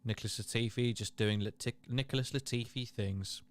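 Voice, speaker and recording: A man's voice: medium pitch, steady tone, brisk. Chatty man hosting a livestream. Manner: chatty, reads chat aloud, laughs and exclaims. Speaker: livestream host. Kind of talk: casual live watchalong commentary.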